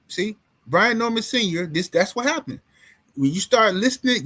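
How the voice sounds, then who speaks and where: High-voiced man ranting about boxing. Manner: animated, trash-talking, mocking. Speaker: boxing commentary streamer. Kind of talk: casual live-stream rant.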